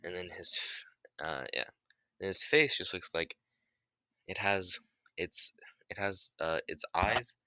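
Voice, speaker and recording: A man's voice: sits low, slow, long pauses, sharp tone, dry recording. A man telling an improvised story in a rambling way, with many fillers and restarts.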